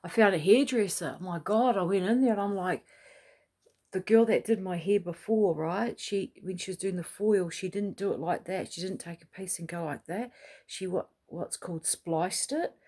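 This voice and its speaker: A woman's voice: mid-range voice, normal speed, darkish tone. A middle-aged woman, chatting and rambling at home in a casual vlog, swearing now and then. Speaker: vlogger. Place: small home unit, kitchen.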